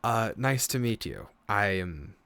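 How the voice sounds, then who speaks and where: A man voicing a weary, reserved masked man who talks in a tired, sighing, measured way. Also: on the low side, expressive, pushed and bright, no room sound, heavily acted.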